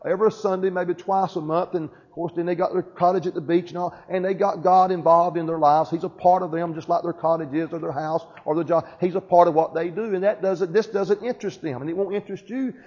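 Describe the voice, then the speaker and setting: A man's voice: high voice, steady tone, fairly quick, hardly any pauses, darkish tone, breathy edge. A man preaching a sermon, calling out to the congregation with repeated questions and amens. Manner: call-and-response preaching with repeated "Amen?". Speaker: pastor. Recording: dull lo-fi church recording.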